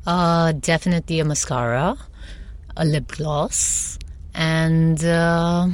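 Low-voiced chatty woman stylist. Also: takes it slowly. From India. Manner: chatty and animated, many fillers. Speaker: celebrity stylist, guest. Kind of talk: casual interview chat.

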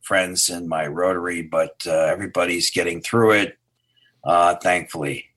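A man from New York, a public relations executive, answering interview questions haltingly. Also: low-pitched, fairly even intonation, fairly bright tone. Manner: halting, many fillers and restarts. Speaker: PR executive guest.

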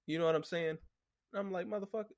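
A man's voice: mid-range voice, normal speed, vocal fry. A man talking casually and heatedly, cursing constantly and filling his speech with "you know what I'm saying" as he reads off his notes. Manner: profane, heated, full of fillers. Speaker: solo commentator reading from notes. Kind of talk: casual rant and sports talk.

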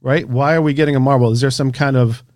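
A man, an author and researcher, telling a story in a casual interview, animated and casually swearing. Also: medium pitch, quick pace, no room sound, clean studio sound.

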